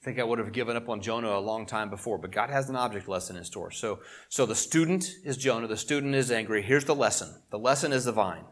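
Middle-aged male pastor, conversational sermon delivery, punches key points then drops low for asides. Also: quick pace, hardly any pauses. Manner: conversational preaching with emphatic swells and quiet asides.

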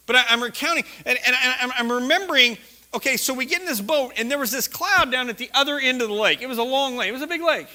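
Man, preacher, sermon storytelling, animated, laughing, high-pitched. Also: quick pace. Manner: animated storyteller, laughs often, shouts quoted lines.

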